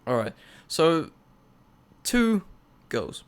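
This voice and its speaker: A man's voice: fairly high pitch, big pitch swings, extremely slow, clear, resonant tone. Rambling teen guy. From New Zealand. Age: teens. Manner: rambling, laughing, many fillers. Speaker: podcast co-host. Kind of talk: casual chat.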